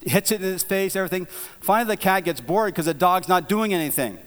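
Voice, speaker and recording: A man preaching a sermon, telling a folksy story in a relaxed, conversational way, with frequent restarts and repeated words. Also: high voice, quick pace. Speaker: pastor. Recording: long hall reverb.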